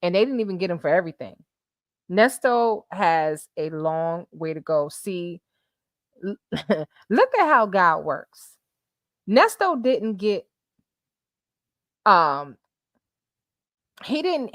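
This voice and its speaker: A woman hosting a livestream commentary show, talking in an animated, emphatic way with lots of repetition. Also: medium pitch, slow, long pauses, dry recording, studio quality.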